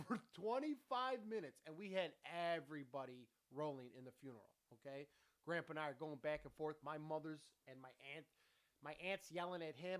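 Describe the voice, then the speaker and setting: A man's voice: a little high, lively intonation, normal speed. A man in his forties giving a blunt, rambling motivational talk as a podcast host, swearing freely and correcting himself mid-sentence. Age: 40s. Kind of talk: casual motivational monologue.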